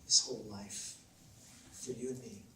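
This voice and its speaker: A man's voice: on the low side, steady tone, a little slow, sharp tone, a little hiss or hum. A man preaching a sermon as a pastor, telling a personal story in a conversational way with frequent fillers. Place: church auditorium. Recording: very echoey church hall, mic at a distance.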